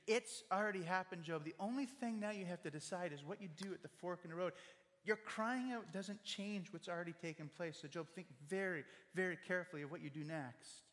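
In a hall with long reverb, a pastor with a high, slightly bright voice preaches earnestly and directly, as if addressing one listener at a time. He also acts out quoted voices.

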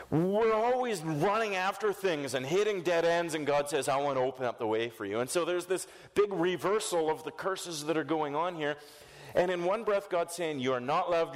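A man preaching a sermon, telling the story in a lively way and acting out the quotes. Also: a little high. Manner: animated storytelling with voiced quotes. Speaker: pastor. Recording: echoey hall reverb.

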